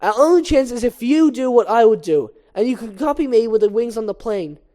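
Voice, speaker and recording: A woman's voice: on the high side, animated, fairly quick, dark tone, natural voice. A woman voicing an earnest young male bee trying to land a plane, speaking with urgent, bossy encouragement.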